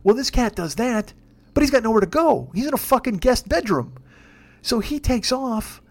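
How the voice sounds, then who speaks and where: A man hosting a podcast, telling a rambling comic story in a casual, swearing, animated way. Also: high-pitched. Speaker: podcast host. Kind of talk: comedic storytelling.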